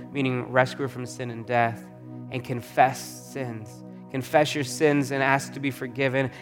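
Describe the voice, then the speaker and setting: Young male pastor preaching a streamed sermon; earnest, encouraging, repeats key lines, light music bed. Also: mid-range voice.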